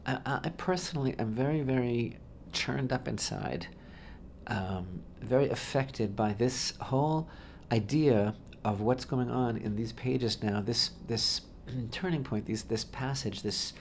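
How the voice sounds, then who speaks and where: This rabbi co-hosts a Torah discussion on talk radio, speaking in a mid-range voice at an unhurried pace. His delivery is expansive and emphatic, and he often repeats his phrases, with a little hiss or hum in the background.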